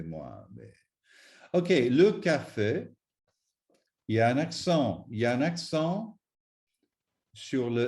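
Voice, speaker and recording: A man teaching French pronunciation, explaining rules slowly and repeating each example word. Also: mid-range voice, big pitch swings, a little mellow. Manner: slow, deliberate, repeats example words.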